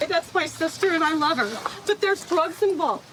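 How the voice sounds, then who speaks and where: A woman's voice: very high-pitched, animated, moderate pace, noisy background. A middle-aged woman, firm and insistent, explaining a family dispute to a deputy. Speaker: caregiving sister. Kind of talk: unscripted reality footage.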